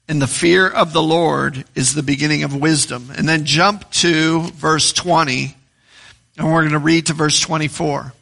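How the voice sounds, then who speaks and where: A man's voice: fairly high pitch, vocal fry, sharp tone. A man preaching a sermon, reading scripture aloud and asking the congregation questions. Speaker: pastor.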